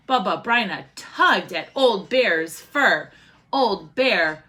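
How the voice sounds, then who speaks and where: A woman teacher reading a picture book aloud to children, expressive and often asking the listeners questions. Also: a little high, takes it slowly.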